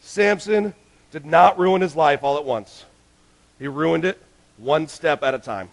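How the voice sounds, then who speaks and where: Pastor guy preaching, kinda high voice, lots of fry, gets loud then goes real quiet. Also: unhurried. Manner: emphatic, swings between loud urgent lines and hushed ones. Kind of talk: sermon.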